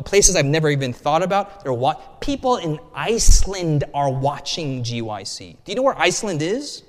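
A male pastor preaching a storytelling sermon, animated and conversational, with frequent restarts and asides. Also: on the high side. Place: church hall. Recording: long hall reverb.

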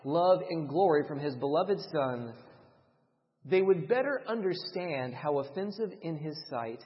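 Male preacher, high and very lively voice, dramatic sermon delivery, muffled long-reverb hall. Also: measured pace. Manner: dramatic, swings between loud emphasis and hushed delivery. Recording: dull, reverberant hall sound.

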